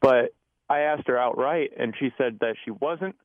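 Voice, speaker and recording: A man's voice: medium pitch, normal speed, no room sound. A young man calling in to a radio show, speaking candidly and reflectively about his past. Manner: candid, reflective, uses fillers. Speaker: caller. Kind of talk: phone-in call. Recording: tinny phone line.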